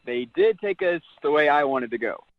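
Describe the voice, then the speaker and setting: A man's voice: a little high, expressive, normal speed, no room sound. Defensive man on a muffled phone line. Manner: defensive, joking, flustered. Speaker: caller. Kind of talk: call-in radio argument.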